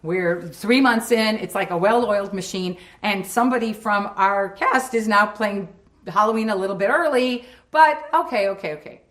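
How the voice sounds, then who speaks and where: Woman cast member, anecdotal interview; bright, animated storyteller who acts out scenes. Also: mid-range voice, normal speed. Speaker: sitcom cast member recalling a shoot.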